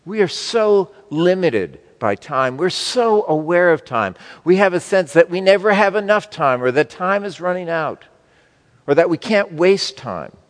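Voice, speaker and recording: A man preaching a sermon to his congregation, slow and emphatic, with wide swings between loud and soft. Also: sits high, animated, big-room sound. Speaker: pastor.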